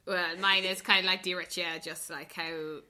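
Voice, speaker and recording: A woman's voice: fairly low pitch, level tone, moderate pace, pushed and bright, a little hiss or hum. A woman, chatting and giggling as a podcast co-host. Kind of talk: casual chat.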